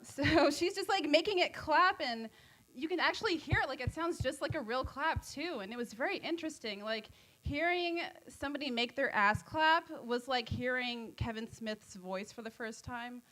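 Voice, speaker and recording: A woman's voice: sits high, animated, normal speed, fairly bright tone. Giggly, rambling woman doing stand-up. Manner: rambling, giggly, self-deprecating. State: high on edibles. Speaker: open mic comedian. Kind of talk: stand-up comedy set. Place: comedy club stage.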